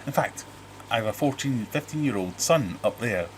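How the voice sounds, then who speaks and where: With a mid-range, expressive voice at a moderate pace, a middle-aged British livestream host reads viewer comments aloud from his home fish room, a little hiss or hum audible. His talk is rambling and jokey, full of self-interruptions and restarts.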